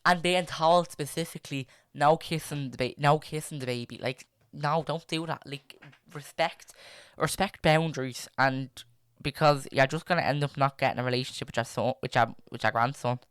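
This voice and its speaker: A man's voice: fairly high pitch, steady tone, moderate pace, fairly bright tone, clean tone, no room sound, clean studio sound. A young man, chatting casually and reading stories aloud as a podcast host, rambling with many fillers and restarts.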